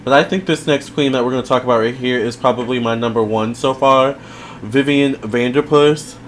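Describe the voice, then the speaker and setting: A man's voice: medium pitch, fairly even intonation, a little fast, slight background noise. A man giving a casual video review, chatty and rambling, with lots of fillers and side remarks. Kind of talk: casual commentary.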